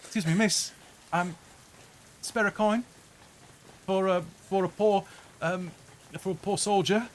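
A man's voice: sits high, fairly even intonation, a little slow, pauses often, a little hiss or hum, pitched above the performer's own voice. A man voicing a ragged, legless male beggar soldier with a British accent, asking for coins in a pleading tone.

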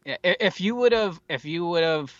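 Male podcast co-host, casual and rambling, profane asides, crisp dry close sound. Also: high-pitched, expressive, measured pace, no room sound, lo-fi sound. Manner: rambling, wry and profane, with many fillers. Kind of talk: casual movie chat.

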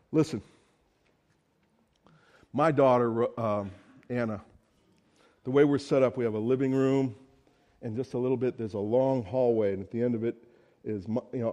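Mellow, conversational preacher man. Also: mid-range voice. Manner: conversational storytelling, casual asides. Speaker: pastor. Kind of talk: sermon.

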